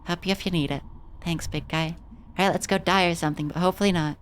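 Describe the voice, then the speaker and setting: Woman streamer, young, lowish voice, casual and foul-mouthed, reads game dialogue aloud. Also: fairly even intonation, fast talker, slight background noise. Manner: casual, swearing freely.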